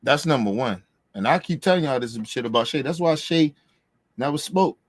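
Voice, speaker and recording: A man's voice: mid-range voice, lively intonation, normal speed, no room sound. A man hosting a podcast, ranting in a heated, profane way and repeating himself for emphasis. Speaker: podcast host. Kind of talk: casual ranting commentary.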